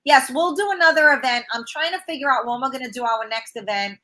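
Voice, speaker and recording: A woman's voice: sits high, fast, sharp tone. A woman hosting a talk show, chatting casually and reading out viewer comments. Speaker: host. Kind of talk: casual chat.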